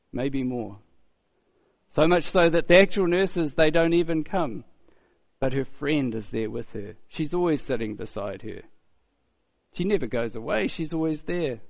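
A man preaching a sermon in a conversational, storytelling way, often asking rhetorical questions and repeating key phrases. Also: medium pitch.

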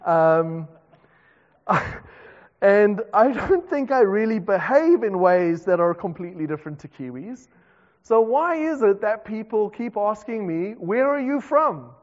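A man's voice: sits high, animated, unhurried. A South African man, a pastor, preaching a conversational sermon with self-deprecating asides. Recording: dull reverberant hall recording.

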